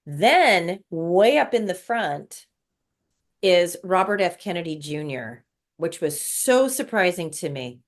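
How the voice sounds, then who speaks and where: A woman's voice: lowish voice, very animated, takes it slowly. A woman guest telling an emotional spiritual story in casual conversation, repeating words as she recounts it. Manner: emotional, repetitive, breathless recounting.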